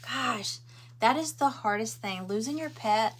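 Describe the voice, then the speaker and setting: A woman's voice: a little high, unhurried, fairly bright tone. Woman, middle-aged, chatty crafting livestream host, rambling, answers comments. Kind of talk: casual chat while crafting.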